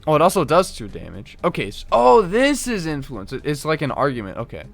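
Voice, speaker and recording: A man with a slightly high, creaky voice live-streams a card game, his pitch swooping wildly as he talks briskly. He reads card text aloud and thinks through his moves, often stopping to correct himself, with soft music in the background.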